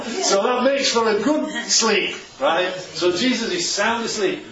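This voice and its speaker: The speaker is a preacher leading a Bible study, his voice sitting high, bright and forceful. He constantly asks his listeners "right?" after nearly each point, and the sound is echoey, coming through a distant, dull mic.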